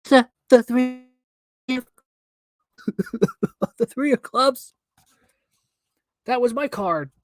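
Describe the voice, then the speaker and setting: A man voicing a startled young girl in a storybook reading, squeaking in disbelief. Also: unhurried, husky. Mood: astonished.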